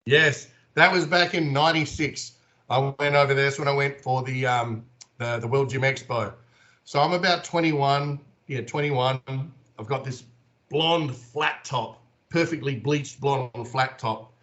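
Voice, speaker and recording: An Australian man in his forties, a guest in an interview, tells stories animatedly in a casual way. His mid-range voice has a sharp tone and an unhurried pace, and the recording sounds muffled.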